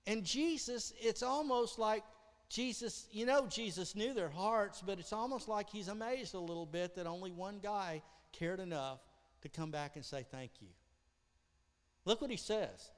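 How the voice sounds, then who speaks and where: A pastor with a high voice delivers a sermon in a church sanctuary, telling the story with great animation and acting out the voices. At a moderate pace, he swings from loud outbursts to near-whispered lines, his voice ringing with the long reverb of the large hall.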